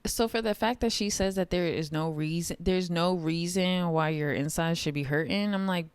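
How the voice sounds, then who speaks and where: A woman's voice: lowish voice, moderate pace, smooth. A woman talking candidly to camera in a casual vlog, swearing now and then and laughing often. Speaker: vlogger.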